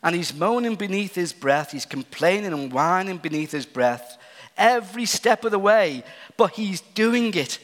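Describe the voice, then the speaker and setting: A male preacher delivers an earnest sermon, pressing some points hard and dropping to a hush for others. His voice sits fairly high for a man. Long reverb from the large hall trails each phrase. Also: expressive, moderate pace. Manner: earnest, swinging from emphatic to hushed.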